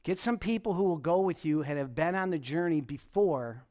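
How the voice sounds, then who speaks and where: Lively, animated male pastor. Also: on the high side, normal speed. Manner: animated storytelling, chuckling, frequent restarts. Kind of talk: conversational sermon with personal stories. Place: church service.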